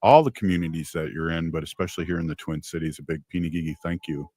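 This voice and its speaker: A man hosting a radio show, chatting in a relaxed way with short affirming remarks. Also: low voice, fast, breathy edge, no room sound. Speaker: radio host. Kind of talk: casual radio chat.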